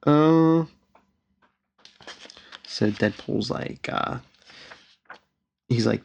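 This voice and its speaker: A man hosting a podcast, animatedly recapping a comic book and reading out the characters' lines with lively emphasis. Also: medium pitch, takes it slowly, vocal fry, long pauses.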